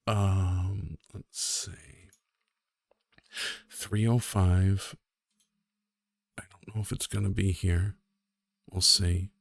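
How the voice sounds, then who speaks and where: A man's voice: deep voice, flat delivery, extremely slow, vocal fry, pauses often, no room sound. A young man chatting casually on a game stream, rambling and self-deprecating with lots of ums and restarts.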